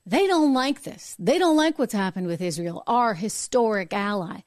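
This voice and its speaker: A woman hosting a live-streamed political show, talking emphatically and indignantly, repeating her points and jumping higher in pitch when worked up. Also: lively intonation, normal speed, darkish tone, no echo, studio quality. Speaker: political talk show host.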